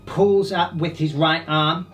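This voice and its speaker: A man's voice: on the high side, steady tone, slow pace, fairly bright tone, recorded from a distance, soft background music. A man playing a tabletop game, animatedly describing his character's actions with sound effects and repeated words. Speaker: player.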